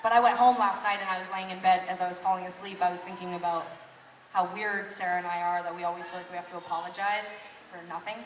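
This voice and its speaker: A woman's voice: fairly low pitch, steady tone, quick pace, slight background noise. A woman singer chatting on stage between songs, telling a rambling, apologetic, self-deprecating story. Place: concert venue stage. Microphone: stage microphone through PA, filmed from the crowd. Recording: echoey hall taped from far off.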